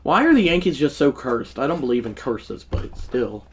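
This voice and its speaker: A man live-streams a video game, commenting on the action and chatting with his viewers, rambling off on tangents and getting irritated easily. His voice is medium-pitched and very animated, with a moderate pace and slight background noise.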